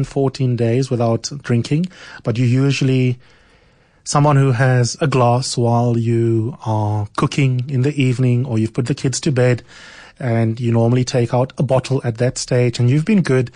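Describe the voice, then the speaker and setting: A man hosting a radio interview, asking measured, probing questions. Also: mid-range voice, a little mellow, no room sound, clean studio sound. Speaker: radio host.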